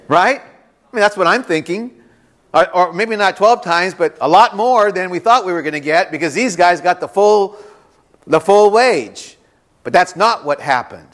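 Male pastor, slightly higher voice, animated conversational sermon delivery, teases the room. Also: normal speed. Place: church before a congregation.

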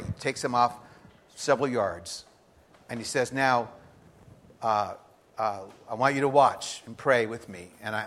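Man preaching with loud and hushed swings. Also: medium pitch. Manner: lively, with dramatic swings between loud emphasis and hushed confession. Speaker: pastor. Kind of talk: sermon.

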